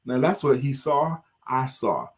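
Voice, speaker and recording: A middle-aged man from the United States co-hosting a live online talk show in a lively, playful casual chat. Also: medium pitch, measured pace, breathy edge.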